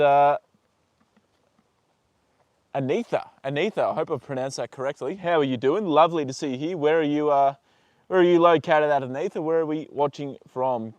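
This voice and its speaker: Australian male livestream host, mid-pitched, relaxed chatty banter, dry close sound, outdoor paddock. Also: dry recording. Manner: chatty, reads out viewer comments, talks fondly to horses, swears casually. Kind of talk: casual livestream chat.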